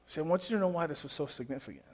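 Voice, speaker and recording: A man, a pastor, preaching a sermon in a conversational, expressive way, dropping to a hush and then rising to loud emphasis. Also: on the high side, racing. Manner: swings between hushed and loud emphasis.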